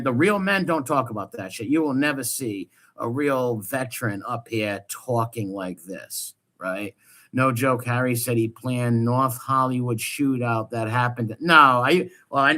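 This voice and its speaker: A man hosting a stream, ranting in crude, mocking casual commentary with loud outbursts. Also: medium pitch. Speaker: stream host.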